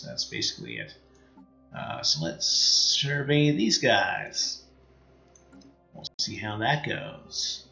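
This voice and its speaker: A man's voice: mid-range voice, vocal fry, pushed and bright, roomy sound, muffled recording. A man with a Canadian accent commentating on his strategy game in a casual, rambling way, full of fillers and half-finished thoughts. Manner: thinks aloud, many fillers and trailing-off sentences. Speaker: let's play streamer.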